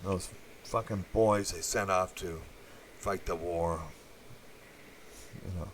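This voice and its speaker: A man's voice: deep voice, fairly even intonation, slow pace, noisy background. A man giving a blunt, profane, meandering opinion monologue full of fillers. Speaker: channel host.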